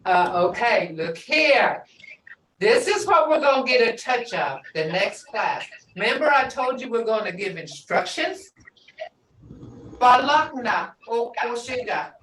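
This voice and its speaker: An older woman teaching a language class in an unhurried, storytelling way, often breaking into laughter. She is heard from some distance in an echoey room, with a faint hiss underneath. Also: on the high side, very animated, fairly bright tone.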